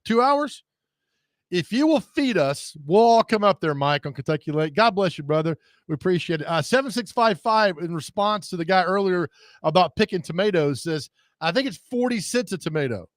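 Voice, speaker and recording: A man's voice: high-pitched, lively intonation, moderate pace, dry recording, clean studio sound. A man hosting a radio show, telling rambling, jokey stories in casual chat.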